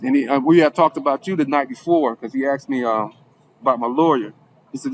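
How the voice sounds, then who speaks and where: Man, mid-pitched, conversational storyteller who circles back and restarts a lot, faint background hiss. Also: fast. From Alabama, USA. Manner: rambling, with restarts, acting out quoted people in a raised voice. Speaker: former defendant telling his story. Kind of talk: casual spoken storytelling.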